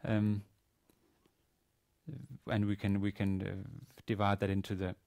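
A man giving a university grammar lecture, pausing often with fillers and restarting his sentences. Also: lowish voice, completely flat delivery, a little mellow, dry recording. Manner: hesitant, many fillers and restarts. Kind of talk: classroom lecture. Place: university classroom.

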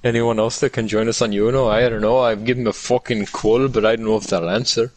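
A man's voice: on the low side, fairly even intonation, fast, darkish tone, a little hiss or hum, poor audio. A young man from Australia with a put-on Irish accent, chatting casually while gaming, brash and swearing in mock-aggressive banter. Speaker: gaming streamer.

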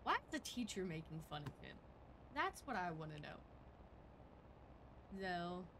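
A woman's voice: fairly low pitch, very animated, measured pace, fairly bright tone, slight background noise. A young woman casually commenting on a game she plays, blunt and sarcastic, swearing freely and reading dialogue aloud. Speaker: gamer. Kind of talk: casual let's-play commentary. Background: game music.

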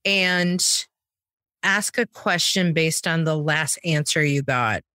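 An American woman co-hosting a sales podcast, talking in a quick, punchy way that jumps up in pitch when she stresses a point. Her voice is on the low side and close to the mic, dry with no room echo. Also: sharp tone, clear, resonant tone. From United States. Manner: emphatic, quick, rising pitch on key points. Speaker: podcast co-host, sales trainer. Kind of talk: casual chat.

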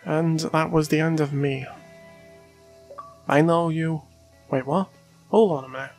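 Man commentating a game, casual and joking, fairly high voice, loud outbursts, faint game music behind. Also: steady tone, measured pace. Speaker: gameplay commentator.

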